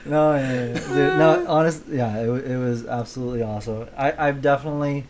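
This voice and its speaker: Excitable swearing podcast co-host. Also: male voice, medium pitch, brisk, background noise. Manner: excitable, swears often, laughs a lot. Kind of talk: casual chat.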